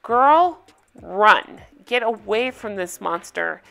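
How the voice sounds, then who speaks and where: Woman recap host, bright tone, blunt, emphatic and profane. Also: mid-range voice, expressive, slow, vocal fry. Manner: blunt, emphatic, swears freely. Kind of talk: casual video recap commentary.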